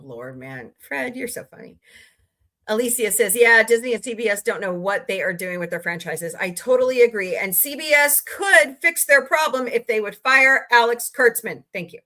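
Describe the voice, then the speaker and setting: A woman's voice: medium pitch, lively intonation, a little slow, sharp tone. A woman hosting a casual livestream, greeting viewers by name and ranting about entertainment news. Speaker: livestream host. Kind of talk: casual chat with live chat readers.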